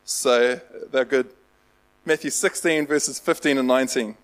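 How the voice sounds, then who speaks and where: A man's voice: mid-range voice, fairly even intonation, unhurried, low-quality recording. Rambling, self-deprecating male preacher. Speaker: pastor. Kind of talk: casual sermon with humor.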